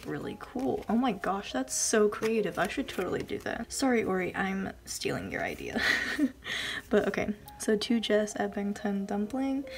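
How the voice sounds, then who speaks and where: Gushing and giggling as she opens a package, a female vlogger keeps things casual and frequently slips into soft whispers. Her voice sits in the mid range and has a creaky quality.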